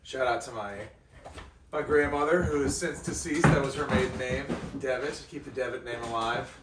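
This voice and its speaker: A young man chatting casually as a podcast guest, telling animated stories and laughing. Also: medium pitch, moderate pace, far from the mic, heavy background noise. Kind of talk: casual storytelling chat. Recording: roomy, off-mic sound.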